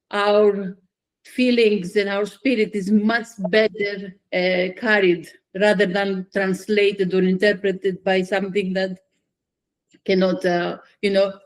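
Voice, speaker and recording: A woman musician hosting an interview, speaking reflectively and searching for her words. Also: mid-range voice. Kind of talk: interview conversation.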